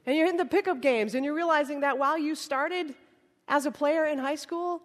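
Woman preacher, high voice, chatty and humorous delivery, echoing worship hall. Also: a little fast. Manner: conversational and humorous, acts out dialogues. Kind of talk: sermon. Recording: reverberant hall.

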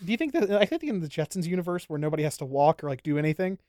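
A man hosting a podcast who rattles along quickly in a rambling, crude, jokey way. His voice sits a little higher than most, and the sound is close and dry with no room around it. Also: very animated, mellow, no room sound. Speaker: podcast host. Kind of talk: casual chat.

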